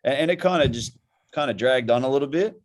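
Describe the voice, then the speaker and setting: A man in his forties with an Australian accent, co-hosting a podcast in a relaxed, easygoing way. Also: medium pitch, fast talker. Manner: relaxed, laid-back, says "mate" and "yeah" a lot. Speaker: podcast co-host. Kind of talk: casual chat.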